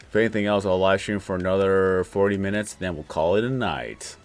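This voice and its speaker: A man hosting a casual late-night livestream, talking in a relaxed, rambling way. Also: low-pitched, brisk. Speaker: livestream host.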